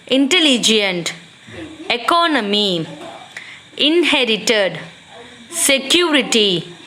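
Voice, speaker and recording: Woman, Indian English accent, teacher, classroom lesson, slow word-by-word dictation, slightly high voice. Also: sharp tone.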